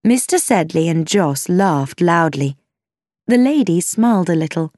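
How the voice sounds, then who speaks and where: Slow, mellow woman storyteller. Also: lowish voice, dry recording, clean studio sound. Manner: slow, measured reading with lively intonation. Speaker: narrator. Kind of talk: storybook narration.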